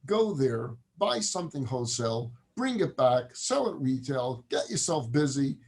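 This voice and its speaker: A man's voice: medium pitch, big pitch swings, moderate pace. A man voicing an exasperated, successful businessman father who lectures his son. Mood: instructive. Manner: instructive, then yelling at his son.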